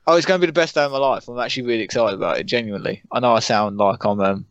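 A young man co-hosting a podcast, chatting casually in a flat, monotone way. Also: mid-range voice, very fast, smooth, no room sound, highs cut off. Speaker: podcast co-host. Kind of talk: casual chat.

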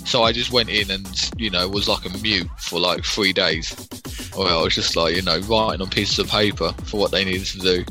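A man's voice: low voice, normal speed, faint music behind. A British man co-hosting a casual podcast, telling stories and acting out the voices of people he quotes. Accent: British English. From Britain. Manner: animated storyteller, acts out quoted voices. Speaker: podcast co-host. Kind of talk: casual chat.

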